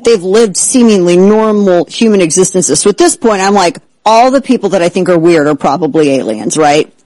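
A man hosting a talk show, excitable and sarcastic, who keeps breaking into exaggerated impressions. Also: high-pitched, normal speed, no echo, poor audio. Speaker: host. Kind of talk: animated political talk show banter.

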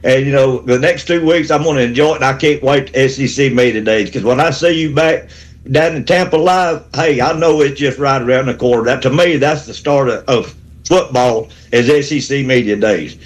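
A man's voice: mid-range voice, moderate pace, poor audio. A man in his sixties with a Southern accent, calling in to a sports radio show and giving a rambling, fired-up pep talk. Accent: Southern American. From Alabama. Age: 60s. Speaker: caller.

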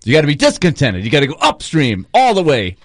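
A man co-hosting a sports radio show, telling a story in casual chat with halting restarts. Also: on the high side, wildly swooping pitch, no echo, clean studio sound. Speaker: radio co-host.

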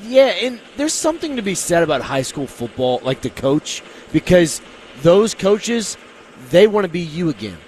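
A man co-hosting a sports radio show in a relaxed way and reading promos. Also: high voice, moderate pace, a little hiss or hum. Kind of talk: casual sports radio chat. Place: busy lounge.

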